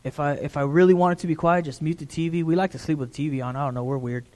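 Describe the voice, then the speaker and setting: A middle-aged man preaching a sermon in a relaxed, conversational way, often checking in with the congregation. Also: fairly high pitch, very fast. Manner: conversational, repeats "right?" to the congregation.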